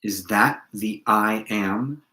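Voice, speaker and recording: A middle-aged man leading a spiritual satsang, talking calmly and asking reflective questions as he answers viewers. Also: on the low side, slow pace, reverberant, low-quality recording. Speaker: spiritual teacher.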